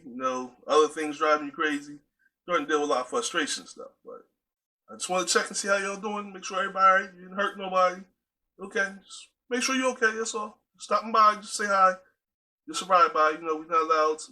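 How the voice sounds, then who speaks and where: A man talks straight to his viewers in a casual, preachy way. His voice sits high and sounds very bright. He keeps calling his listeners y'all. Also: low-quality recording. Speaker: video host. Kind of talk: casual direct-to-camera talk.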